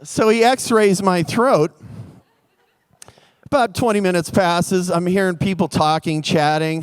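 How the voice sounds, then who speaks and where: Brief: male storyteller, clear and high-pitched, animated comic delivery on stage. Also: unhurried, no echo. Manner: animated, comic, acts out the scenes. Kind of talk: live storytelling.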